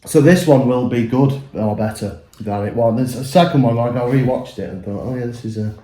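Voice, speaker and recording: A man in loose pub banter, his voice mellow and dark, sweary and full of laughs. It is recorded in a roomy, echoing pub. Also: medium pitch, a little fast. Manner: sweary, laughing, rambling with fillers. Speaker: podcast co-host. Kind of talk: casual pub chat.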